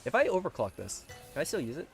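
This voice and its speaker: Melodramatic, high-pitched young male streamer. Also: wildly swooping pitch, quick pace, vocal fry, faint music behind. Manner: melodramatic, swears a lot, swings from squealing pleas to low muttering. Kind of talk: live gameplay commentary.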